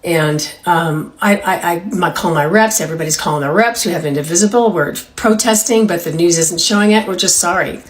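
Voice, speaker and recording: A woman's voice: fairly low pitch, a little fast, few pauses. Apologetic, heated woman from California. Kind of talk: vlog-style monologue.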